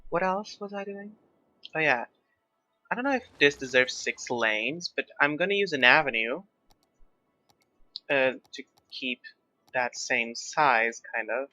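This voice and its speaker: Bright-voiced man with mixed British-American accent. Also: medium pitch, animated, measured pace, pauses often. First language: not English. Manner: chatty, self-deprecating, thinking aloud. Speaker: gaming YouTuber. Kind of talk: casual gameplay commentary. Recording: slightly dull lo-fi mic, faint background music.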